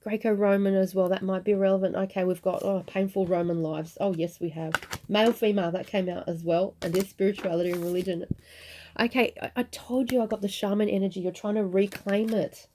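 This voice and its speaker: A woman giving an intuitive tarot reading to camera, earnest and reassuring, often pausing and restarting as she searches for words. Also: medium pitch, steady tone, dark tone, slight background noise. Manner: searching, repetitive, speaks in halting restarts; earnest, reassuring, addresses viewers directly. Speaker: tarot reader.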